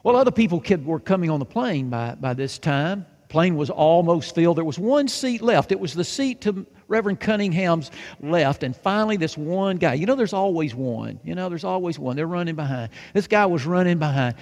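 Gravelly-voiced guy preaching, tells a story and does the voices, big echoey church hall. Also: fairly high pitch, normal speed, few pauses. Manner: animated, acts out dialogue, drops to hushed tones. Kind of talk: sermon storytelling. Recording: long reverb of a large hall.

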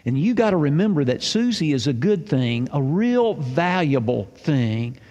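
A man's voice: on the high side, very animated, unhurried, a little mellow, long reverb tail, dull audio. A man preaching a sermon, quoting a worldly, blunt and motherly older madam in a folksy, plainspoken drawl. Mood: coaxing.

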